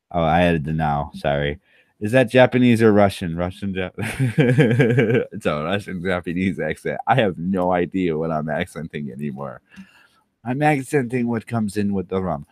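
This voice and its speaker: A man's voice: low voice, moderate pace, darkish tone, no room sound, clean studio sound. A tipsy man hosting his own channel, rambling through crude, self-mocking commentary as he drinks. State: tipsy from rum. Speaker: channel host.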